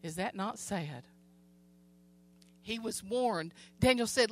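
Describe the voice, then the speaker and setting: A woman's voice: medium pitch, lively intonation, slow pace. A woman preaching a sermon, reading scripture and retelling it in plain everyday words to her church.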